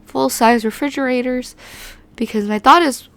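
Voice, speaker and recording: A hoarse woman, recovering from being sick, hosting a video with a chatty, rambling voice-over recorded on a home mic. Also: sits high, normal speed, fairly bright tone, dry recording. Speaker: host. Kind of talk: casual voice-over narration.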